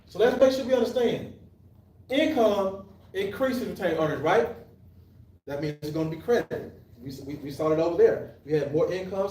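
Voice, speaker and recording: A man with a high, slightly mellow voice teaches accounting live, posing questions to students before answering them himself and frequently restarting what he's saying. The sound is echoey, recorded with the mic placed at a distance.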